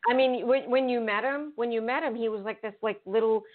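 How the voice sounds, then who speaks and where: A woman's voice: a little high, brisk, a loud crowd. A woman psychic medium on a call-in radio show, casual and profane, reassuring a caller. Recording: narrow phone-line sound.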